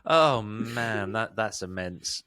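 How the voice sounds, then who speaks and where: A man's voice: on the low side, animated, takes it slowly, sharp tone, clear, resonant tone. A man co-hosting a music podcast in casual chat, rambling, restarting and laughing often. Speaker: podcast co-host.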